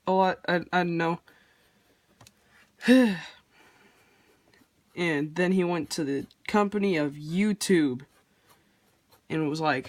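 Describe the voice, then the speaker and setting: Slow, rambling drawing-tutorial voice. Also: mid-range voice, dry recording. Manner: rambling, offhand and self-deprecating. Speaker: art tutorial host. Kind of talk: casual drawing tutorial narration.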